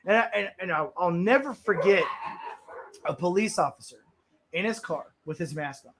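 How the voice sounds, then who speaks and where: A man hosting a blunt talk stream, telling stories in a profane, animated way and stumbling over repeated words when worked up. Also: high voice, a little fast. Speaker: stream host. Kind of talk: blunt casual storytelling.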